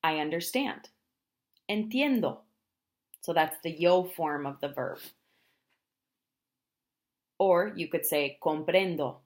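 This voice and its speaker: A woman teaching travel phrases in a language lesson, explaining each phrase and then saying it slowly, often twice. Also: low-pitched. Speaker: Spanish teacher.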